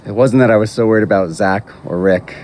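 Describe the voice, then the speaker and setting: Man, officiant, low voice, formal measured eulogy, outdoor graveside. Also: darkish tone, slight background noise. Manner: measured, formal, reading from a text. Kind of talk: prepared eulogy.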